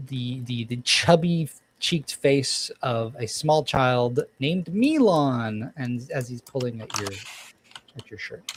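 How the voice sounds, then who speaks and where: A man's voice: mid-range voice, a little hiss or hum. A man running a tabletop roleplaying game, narrating scenes and calling for dice rolls in a medium voice. He meanders through descriptions, stopping and restarting his sentences with lots of ums. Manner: rambling, many ums and restarts. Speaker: game master.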